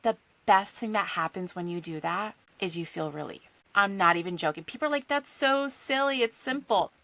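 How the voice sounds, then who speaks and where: A woman in her thirties or forties, a guest coach, telling stories in a casual podcast chat with quick asides and rhetorical questions. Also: lowish voice, vocal fry, bright, forceful tone, no room sound, poor audio. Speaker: guest, executive function coach.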